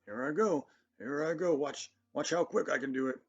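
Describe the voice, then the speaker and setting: A man voicing an eager young male helper who boasts about how quick he is. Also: fairly high pitch, husky, highs cut off.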